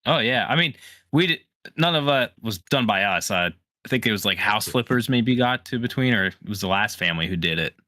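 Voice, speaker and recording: A man's voice: lowish voice, expressive, brisk, sharp tone, no echo, clean studio sound. A man playing a tabletop game, talking in a laid-back, hesitant way with lots of fillers. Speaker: player. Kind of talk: casual tabletop role-play.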